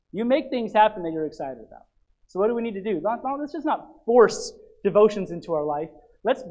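A man preaching a sermon as pastor, urging his listeners again and again, swinging from loud calls to quiet asides. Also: high voice, rough recording. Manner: exhorting, repetitive calls to get excited; dynamic, dropping to quiet asides.

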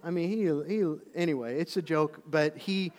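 A man preaching a sermon, telling stories with lively swings between loud calls and hushed asides. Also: fairly high pitch, normal speed. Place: church auditorium. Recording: long reverb of a large hall.

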